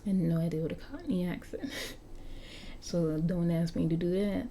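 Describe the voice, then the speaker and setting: A woman's voice: fairly low pitch, a little slow, dark tone, a little hiss or hum. A woman reading an interactive story aloud, often stumbling and restarting over words, with chatty asides to her viewers. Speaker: story narrator.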